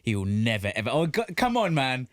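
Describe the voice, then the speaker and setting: A man from co-hosting a casual podcast chat, laughing often and jumping up in pitch when he gets excited. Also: brisk, no room sound, clean studio sound. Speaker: podcast co-host.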